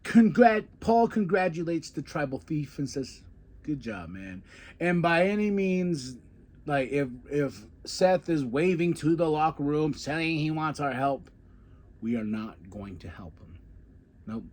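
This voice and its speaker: A man with a somewhat high voice hosts a podcast and recaps a wrestling event in a loose, chatty way. He talks like a fan and often slips into lively quoted lines. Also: a little slow. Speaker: podcast host.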